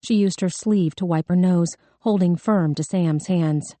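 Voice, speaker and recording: Woman with a low, mellow narrating voice. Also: unhurried, no room sound. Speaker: audiobook narrator. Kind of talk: scripted narration.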